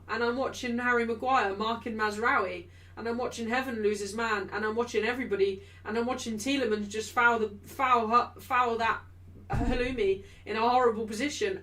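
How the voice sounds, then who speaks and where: A young woman with a high-pitched voice talks through a live football match for her viewers. Her tone is bright and sharp. She rants and repeats herself in frustration at her team. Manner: exasperated, repetitive ranting about her team; shouting in frustration. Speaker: football watchalong host. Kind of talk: live match watchalong commentary.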